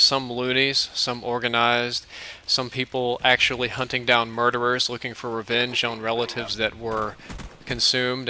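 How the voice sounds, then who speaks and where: A man's voice: mid-range voice, sharp tone, clear, resonant tone. A man casually telling a long dream story, rambling with fillers and restarts. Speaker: gaming channel host.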